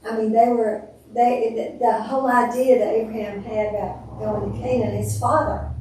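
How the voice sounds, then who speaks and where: A woman's voice: fairly high pitch, flat delivery, moderate pace, a little mellow, far from the mic, slight background noise. A woman in a Bible study group, thinking aloud and restarting her sentences. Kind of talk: group discussion. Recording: echoey room, off mic, faint ambience.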